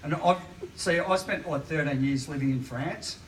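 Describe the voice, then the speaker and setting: Brief: higher-voiced Australian man, forties, rambling stand-up, echoey noisy room, mic far off. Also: normal speed. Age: 40s. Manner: rambling, filler-heavy storytelling. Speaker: stand-up comedian. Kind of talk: stand-up comedy. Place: live comedy venue. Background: audience laughter.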